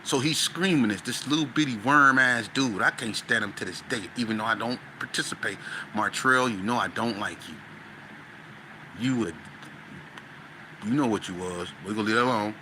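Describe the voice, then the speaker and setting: A man from Las Vegas, a podcast guest, telling a story in casual, animated street talk that grows loud and high when he gets excited. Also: normal speed, a little hiss or hum, rough recording. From Las Vegas, West Side.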